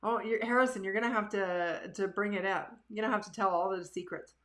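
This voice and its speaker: A woman, hosting a live show from her living room and telling stories about herself in a casual, animated, self-deprecating way. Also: medium pitch, a little fast. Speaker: livestream show host. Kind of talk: casual storytelling to live viewers.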